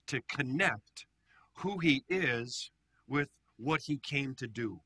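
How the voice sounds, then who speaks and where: Bright, breathy-voiced pastor teaching scripture. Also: male voice, mid-range voice, a little slow, no echo. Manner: animated, asks the group frequent questions. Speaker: pastor leading a Bible study. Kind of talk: interactive Bible teaching.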